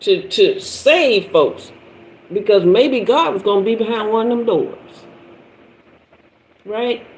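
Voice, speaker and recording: A woman in her fifties, a tarot reader and spiritual teacher, preaches and tells stories on a livestream, repeating herself a lot for emphasis. Her mid-range voice moves slowly with frequent pauses. The low-quality recording carries slight background noise.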